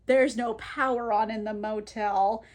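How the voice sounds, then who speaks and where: A woman's voice: a little high, fairly even intonation, measured pace, natural voice. A woman voicing a flustered, bewildered young woman who talks in casual slang while retelling a book. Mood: puzzled.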